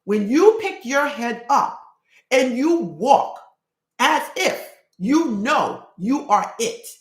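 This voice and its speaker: Woman coaching a live stream, talks fast and earnest, repeats herself, roomy echo. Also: high voice, sing-song. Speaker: spiritual coach.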